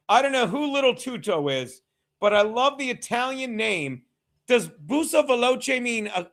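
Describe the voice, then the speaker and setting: A man with a fairly high voice hosts a casual live stream of a football game. He talks straight to his chat, laughing, swearing and now and then yelling at a viewer. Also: creaky. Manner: loud, swears freely, shouts at chat, laughs often.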